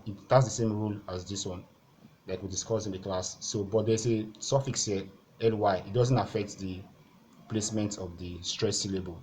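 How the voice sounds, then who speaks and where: A man with a fairly low voice talks learners through exam questions shown on screen. He is methodical, stating each rule and then repeating the key step so it sticks. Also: a little mellow, slight background noise. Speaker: exam-prep tutor.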